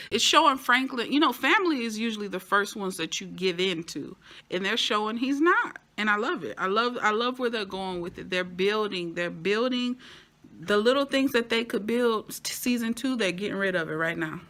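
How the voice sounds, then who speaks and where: A woman gives a casual TV recap in a bright, forceful voice. She talks in a lively, animated way and throws in playful asides. Her voice jumps high when something excites her. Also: moderate pace. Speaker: TV show reviewer.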